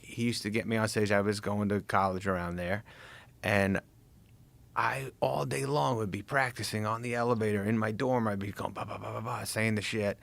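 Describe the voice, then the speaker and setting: A man, a comedian, telling profane, animated stories in casual podcast chat and acting out old conversations. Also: on the low side, creaky. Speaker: comedian guest.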